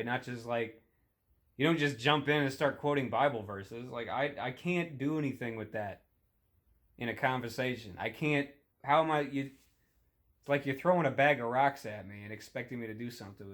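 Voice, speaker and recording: A young man delivering a crude, profane comedic rant, rambling in a deadpan way with sudden shouty outbursts. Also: mid-range voice, moderate pace. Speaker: comedic monologue host.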